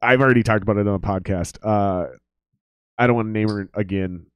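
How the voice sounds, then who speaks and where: A man, a drummer who hosts a podcast, telling stories in a casual, profane and animated way and acting out the people he quotes. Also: lowish voice, brisk, clean tone, dull audio.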